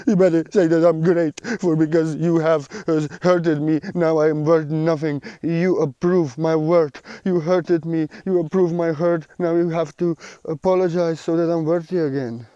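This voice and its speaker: A man voicing a resentful human ego that insists on apologies and praise, loud and indignant. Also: fairly high pitch, little pitch movement, moderate pace, few pauses, clear, resonant tone, no echo, muffled recording, natural voice.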